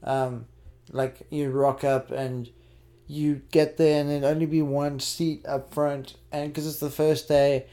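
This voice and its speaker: A man's voice: fairly high pitch, little pitch movement, slow, warm tone. A young man co-hosting a casual chat, rambling and saying "like" often. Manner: rambling, heavy use of "like". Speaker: podcast co-host.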